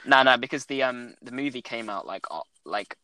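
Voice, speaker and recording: A man's voice: medium pitch, expressive, fairly quick, sharp tone, poor audio. A young man in casual chat, laughing often and rambling with restarts.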